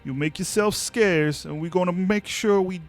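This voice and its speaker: A man voicing a rough male bandit boss who makes gruff, slangy threats. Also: high voice, moderate pace, soft background music, pitched above the performer's own voice. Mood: threatening.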